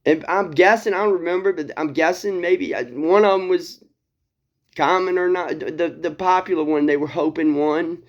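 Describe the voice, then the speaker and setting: A man's voice: fairly high pitch, moderate pace. A man casually retelling a Bible story, rambling with frequent laughs, casual swearing and restarts, on a dull lo-fi recording. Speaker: video host.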